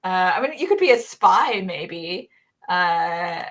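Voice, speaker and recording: A woman's voice: fairly low pitch, slow pace. Giggly Australian woman hosting a chat. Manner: giggly, animated, laughs often. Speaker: podcast host. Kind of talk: casual conversation.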